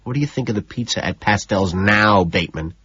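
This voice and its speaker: A man's voice: on the low side, expressive, a little slow, slightly rough, highs cut off. A man doing a smug, needling finance bro. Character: smug petty young male finance colleague. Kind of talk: audiobook character voice.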